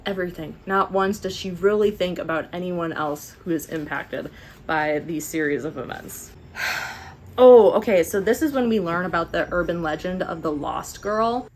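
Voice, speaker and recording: A young woman chatting casually through a book review, animated and sarcastic. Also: on the low side, normal speed, a little hiss or hum. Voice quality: animated, sarcastic, eye-rolling. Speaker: book vlogger.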